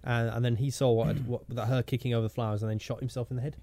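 A man's voice: medium pitch, level tone, rapid-fire, mellow. A man co-hosting a podcast, trading silly jokes in playful banter. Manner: playful, silly, slips into put-on voices. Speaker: podcast co-host. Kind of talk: joking banter.

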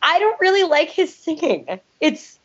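A woman's voice: very high-pitched, big pitch swings, a little slow. A woman co-hosting a casual chat, rambling and hedging with lots of "I don't know"s. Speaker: podcast co-host. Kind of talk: casual chat reviewing TV episodes. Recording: dull lo-fi podcast recording.

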